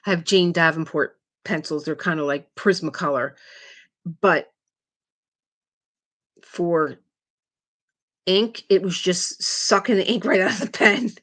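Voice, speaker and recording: A middle-aged woman hosting a casual live chat, talking in a chatty, rambling way with quick asides. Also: on the low side, a bit bright. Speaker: livestream host.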